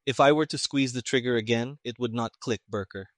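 A man plays a calm, polite detective, speaking in a measured, courteous and soft-spoken manner. The performance is lightly acted, and the recording is dry with no room sound.

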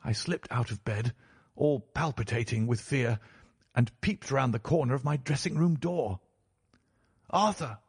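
A man narrating a story in a measured, formal way, as an audiobook reader. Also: mid-range voice, darkish tone, husky, no echo, studio quality. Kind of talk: scripted narration.

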